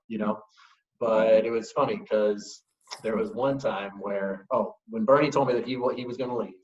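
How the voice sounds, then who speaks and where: A man, a whiskey brand ambassador, telling stories as a guest in a casual interview, with an easygoing manner and frequent chuckles. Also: on the low side. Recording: echoey, dull lo-fi remote audio.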